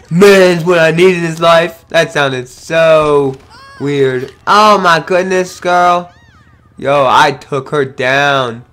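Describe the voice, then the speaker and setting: A young man giving loud, excitable gameplay commentary, often yelling and cursing at what happens on screen. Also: very high voice. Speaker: gaming video host.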